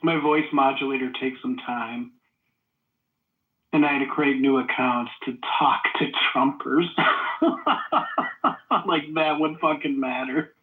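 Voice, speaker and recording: A man's voice: mid-range voice, steady tone, measured pace, a little hiss or hum. A man in a heated casual debate in a live chat room, mocking and sarcastic toward the others. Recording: phone-like audio in an echoey room.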